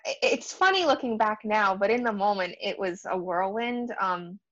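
A woman's voice: medium pitch, expressive, normal speed, fairly bright tone. A young adult woman from Rhode Island telling a story as a guest golfer, hesitant, with many "um"s. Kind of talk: casual storytelling. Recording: dull lo-fi sound.

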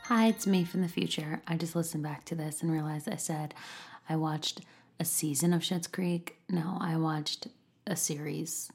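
A woman's voice: low-pitched, fairly even intonation, moderate pace. A woman telling a candid personal story, chatty and self-deprecating, often acting out both sides of a conversation.

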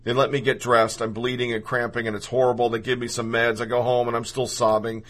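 A man's voice: medium pitch, little pitch movement, brisk, a bit bright. A man reading a personal story aloud in the first person, earnest and emotional.

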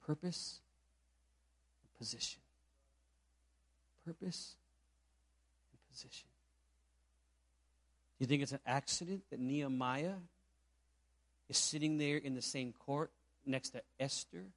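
A man's voice: mid-range voice, steady tone, slow pace, pauses often, no echo. A man from Puerto Rico preaching a sermon, telling a story and asking the congregation rhetorical questions. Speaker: pastor.

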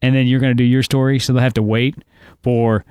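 A man's voice: mid-range voice, level tone, quick pace, darkish tone, clear, resonant tone, no room sound, clean studio sound. A man hosting a casual podcast, joking and crude, teasing his co-host. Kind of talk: casual comedic podcast banter.

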